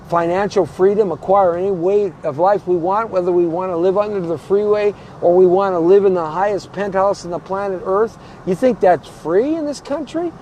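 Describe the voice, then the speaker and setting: Show host, male, fired-up political commentator, combative and emphatic, voice sitting high, loud traffic behind. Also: rough recording. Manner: emphatic, hammering rhetorical questions; blunt and combative.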